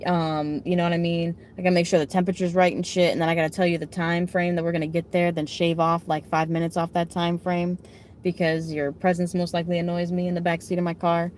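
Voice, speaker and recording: A woman in her late twenties chatting casually on a live stream, giving card readings, blunt and swearing freely with quick asides. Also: lowish voice, flat delivery, a little mellow, a little hiss or hum. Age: late 20s. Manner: blunt, heavy swearing, talks back to chat.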